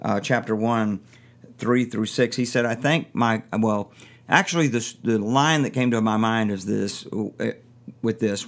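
A man teaching on a Bible passage for a podcast, reflective and unhurried, with pauses and restarts. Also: medium pitch.

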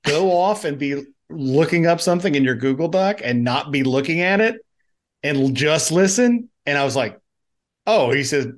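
A man co-hosting a casual movie podcast, arguing his point and retelling scenes with lively quoted lines. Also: a little high, moderate pace. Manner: argumentative, animated storytelling, quotes lines in funny voices. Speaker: podcast co-host.

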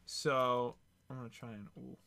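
A man hosts a relaxed podcast chat at a medium pitch. He rambles, gets excited and fills pauses with ums. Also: gravelly. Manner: excitable, rambling, frequent fillers. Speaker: podcast host.

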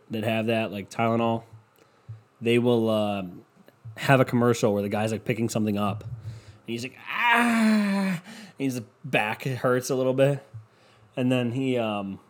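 A man's voice: medium pitch, darkish tone. A young man hosting a solo podcast, ranting in a rambling, sarcastic and profane way. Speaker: podcast host. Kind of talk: casual solo podcast rant.

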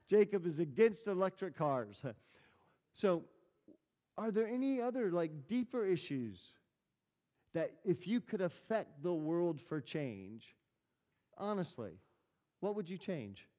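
A man's voice: high voice, very animated, slow, long pauses, warm tone. A man preaching a conversational sermon, telling stories and asking the congregation questions. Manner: chatty, storytelling, asks the room questions. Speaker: pastor. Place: church hall. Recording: reverberant church hall.

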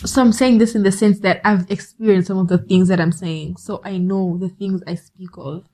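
A woman's voice: medium pitch, fairly even intonation, moderate pace, warm tone, low-quality recording. A woman hosting a podcast, giving a direct, conversational motivational monologue with scolding asides. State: cold, shivering. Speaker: podcast host.

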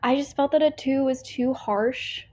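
On a book podcast, a young woman from the United States speaks in a high, unhurried, somewhat mellow voice. Her casual review chat wanders, packed with filler words and self-interruptions, and the audio sounds a bit dull and lo-fi.

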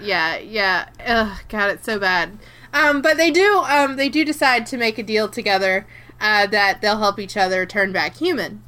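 A woman's voice: mid-range voice, moderate pace, pushed and bright. A woman co-hosting a casual chat, retelling a film and acting out its characters' lines with laughs. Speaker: podcast co-host.

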